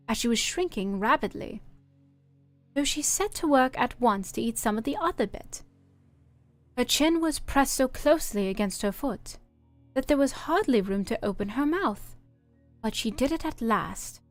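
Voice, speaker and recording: A woman streamer reading a children's story aloud in a calm, even storytelling manner. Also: on the high side.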